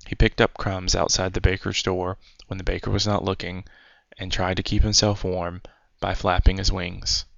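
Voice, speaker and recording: A man reading a fairy tale aloud as a storyteller, in a measured, unhurried way. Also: low-pitched, flat delivery, gravelly, a bit bright, no echo. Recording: dry, dull lo-fi recording.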